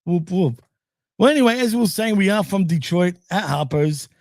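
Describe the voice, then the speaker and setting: High-voiced laughing podcast co-host, man. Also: expressive, a little fast, no echo, studio quality. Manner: laughs often, loose and rambling. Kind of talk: casual wrestling recap chat.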